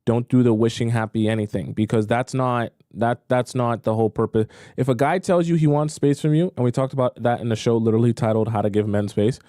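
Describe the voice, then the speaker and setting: A man speaks in a mellow, warm tone, commenting on dating clips in a chatty, teasing manner. His voice sits close and dry, with no room sound around it. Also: medium pitch, fairly even intonation, brisk, few pauses, no echo. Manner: playful, chatty, teasing asides. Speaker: dating coach reacting to clips. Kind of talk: casual commentary.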